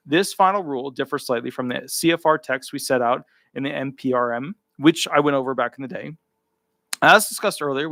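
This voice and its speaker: A man's voice: on the high side, sharp tone, dry recording, studio quality. A man working as a disability attorney, giving live commentary while reading a rule aloud, with emphatic repeated words and offhand asides between the passages.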